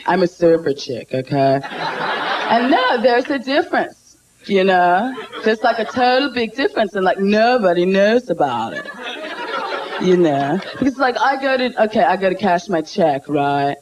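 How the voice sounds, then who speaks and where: A woman's voice: medium pitch, very animated, measured pace, voice pushed down. A woman voicing a ditzy young surfer girl who talks valley-girl style, stuffed with "like" and "okay". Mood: whiny. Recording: loud crowd and noisy live tape.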